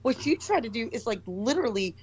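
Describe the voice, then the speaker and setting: A woman's voice: on the high side, very animated, fast, a little mellow, muffled recording, a little hiss or hum. A woman calling in to a casual chat show, rambling bluntly and swearing a lot. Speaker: caller.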